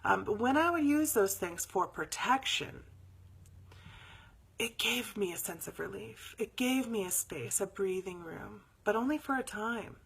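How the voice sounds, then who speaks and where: Woman host, breathy mid-range voice, casual storyteller who slips into hushed near-whispers. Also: medium pitch, a little slow. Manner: chatty and animated, drops to near whispers at times. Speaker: spiritual teacher hosting a live meditation show. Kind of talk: casual storytelling before a guided meditation.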